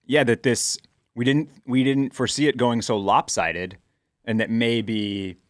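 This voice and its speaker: A man's voice: medium pitch, steady tone, unhurried, dry recording, clean studio sound. A man co-hosting a casual TV recap show, chatting and often restarting his sentences. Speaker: podcast co-host.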